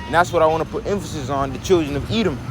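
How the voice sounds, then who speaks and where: A man teaches from scripture like a preacher, reading verses slowly and then explaining them, checking in with "okay?" and "all right?" along the way. His manner is emphatic and preachy, his voice on the high side, with background noise.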